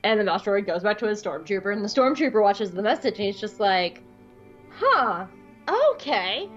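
A woman co-hosting a podcast, telling a story in a casual, excitable, gushing way. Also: medium pitch, quick pace, dull audio, soft background music. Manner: excitable, gushing, breaks into squeals. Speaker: podcast co-host.

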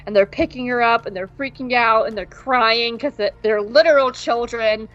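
A woman with a fairly high voice co-hosts a podcast, retelling an episode with lively, profane enthusiasm. The sound is somewhat muffled and lo-fi, with faint music in the background. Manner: animated, profane storytelling. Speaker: podcast co-host. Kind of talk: casual episode recap.

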